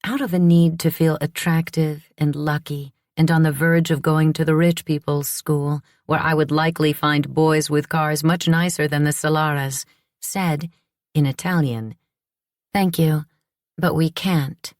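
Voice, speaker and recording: A woman narrating an audiobook in the first person, with a measured, reflective delivery. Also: low-pitched, little pitch movement, no room sound, clean studio sound.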